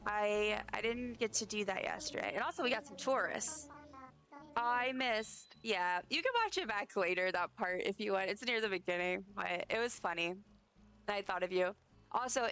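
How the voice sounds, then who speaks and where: Raspy-voiced lady streamer, gravelly and chatty, just yapping to chat as she plays. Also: medium pitch, a bit bright. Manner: rambling, chatty, addresses chat directly. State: hoarse, partly lost voice. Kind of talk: casual livestream chat while playing.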